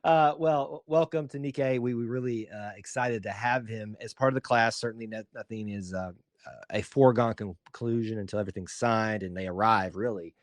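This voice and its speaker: A man's voice: fairly low pitch, brisk, no echo, studio quality. A man from Alabama with an Alabama Southern accent, co-hosting a casual sports podcast in a rambling, joking, self-deprecating way. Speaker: podcast co-host.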